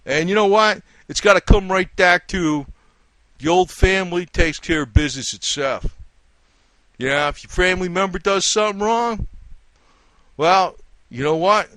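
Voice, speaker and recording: An indignant man rants straight to camera, swearing freely and hammering his points again and again. His voice sits a little high for a man and sounds dry and close, with no room around it. He turns to call out the people he blames by name. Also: moderate pace, long pauses, a bit bright, no echo. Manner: indignant, profane, repeats lines for emphasis; talks straight to his targets. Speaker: independent commentator. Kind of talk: ranting monologue.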